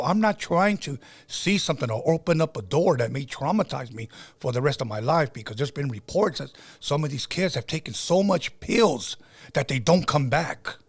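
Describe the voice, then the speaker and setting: A man's voice: on the high side, slightly rough. A middle-aged man hosting a podcast, telling stories in a casual, conversational way with frequent fillers and restarts. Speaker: podcast host.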